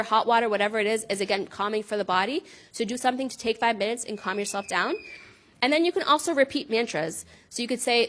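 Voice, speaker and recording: A woman's voice: a little high, fairly bright tone. A woman giving an informal talk to parents about handling anger, speaking conversationally and often checking in with her listeners. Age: adult with a child. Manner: conversational, frequent "right?" check-ins, laughs at herself.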